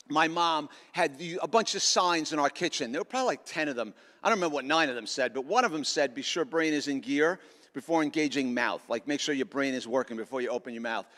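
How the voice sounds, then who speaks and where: High-voiced, sarcastic middle-aged man. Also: pushed and bright. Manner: sarcastic, joking with the audience. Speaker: school assembly speaker. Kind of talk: humorous motivational talk. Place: large school auditorium. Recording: echoey auditorium.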